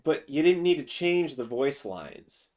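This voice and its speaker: A man's voice: mid-range voice, sing-song, a little slow, darkish tone. A man streaming a casual, profane rant while reacting to a game trailer, restarting his sentences often. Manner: drawling and profane, with frequent restarts.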